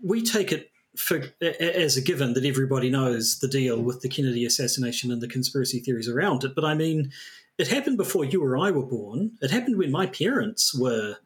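A man's voice: mid-range voice, lively intonation, fairly quick. A man co-hosting a podcast in casual chat, rambling and hesitant with frequent restarts. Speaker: podcast co-host.

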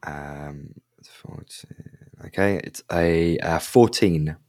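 A man's voice: sits low, very slow, a little mellow, no echo, clean studio sound. A man playing in a tabletop role-playing game, casual and hesitant as he speaks in character and describes actions. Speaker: player.

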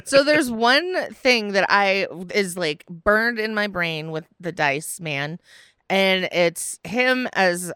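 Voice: medium pitch, animated, slow pace, bright, forceful tone, clean tone, no room sound, studio quality. A podcast co-host in casual chat, laughing and chiming in.

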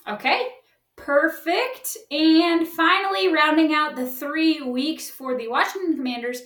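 A woman co-hosting a casual sports podcast, wry and quick to laugh. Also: high-pitched, fairly bright tone, distant mic. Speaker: podcast co-host. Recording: echoey, off-mic.

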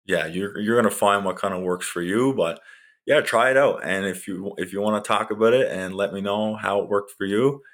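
A young man with a very low, deep voice hosts his own solo podcast. He talks loosely and swears freely. His sentences wander and he often stops and restarts them. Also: moderate pace, a bit bright. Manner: casual and profane, rambling with restarts. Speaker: podcast host. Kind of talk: casual solo podcast talk.

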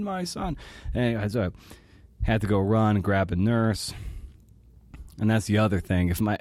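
Halting, low-voiced male podcast host. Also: darkish tone, no echo. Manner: halting and emotional, with many restarts. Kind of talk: personal monologue.

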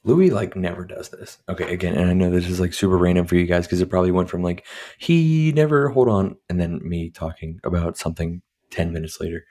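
Recording a casual solo podcast at home with his dog close by, a man reviews a movie in a low, mellow voice that barely moves in pitch. He talks fast with few pauses, rambling and swearing, full of fillers and restarts.

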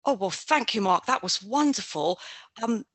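A woman hosts a podcast interview, polite and encouraging, with a lively, bright voice. The sound is close and dry. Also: medium pitch, dry recording. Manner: polite, encouraging, quick to laugh. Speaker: podcast guest host. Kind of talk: interview questions.

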